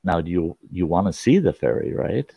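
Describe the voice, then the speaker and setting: A man voicing a kindly, playful older grandmother in a told story, in a gentle, matter-of-fact way. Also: sits low, very animated, normal speed, creaky, breathy edge, no room sound, voice pushed down, heavily acted. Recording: dull, lo-fi sound.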